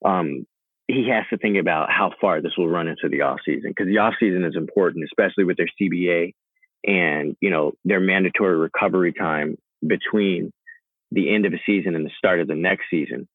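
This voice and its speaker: A man's voice: low-pitched, brisk, dry recording. A man co-hosting a casual sports podcast, talking in an easygoing, thoughtful way with lots of "you know"s. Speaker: podcast co-host. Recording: tinny phone-like line.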